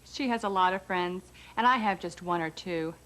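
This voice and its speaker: A woman reading a scripted language course dialogue with a clear, careful delivery. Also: on the low side, moderate pace, a bit bright.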